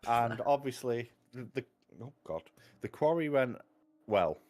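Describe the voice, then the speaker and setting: Speaking a little slowly, a man hosts a book channel in casual, rambling chat with a wry edge, breaking off his own sentences. His voice is medium in pitch and darkish, with lively intonation.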